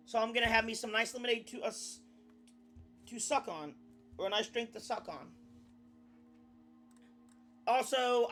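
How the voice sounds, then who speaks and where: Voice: medium pitch, a bit bright. A young adult VTuber chatting casually on a live stream, rambling, often restarting sentences and swearing now and then.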